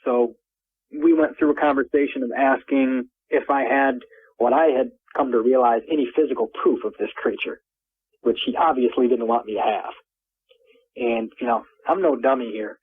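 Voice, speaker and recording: Over a tinny phone line, a male caller recounts his own encounter in the first person, rambling and repeating words. His husky, medium-pitched voice is expressive and moderately paced, rising as he gets worked up.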